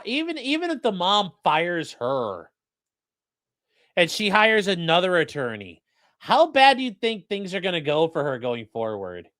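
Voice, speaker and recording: A male attorney hosting a live crime stream, riffing on court footage with swearing, jokes and quick put-on voices. His pitch leaps around and his tone is bright and forceful. He is close on the mic in a dry, dead-sounding room. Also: no echo. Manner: animated, profane, joking, does voices.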